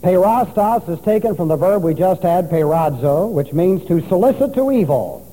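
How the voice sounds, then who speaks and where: A man delivers an expository sermon, stopping to spell Greek words letter by letter. His voice sits high yet sounds very dark and mellow. It rings with the long reverb of a large church hall. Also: expressive, moderate pace, slight background noise. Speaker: pastor.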